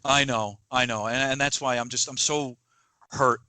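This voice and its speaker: A man's voice: medium pitch, fairly even intonation, normal speed, sharp tone, no echo, rough recording. A man co-hosting a podcast, speaking earnestly and with passion in casual film chat, often restarting his sentences. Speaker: podcast co-host.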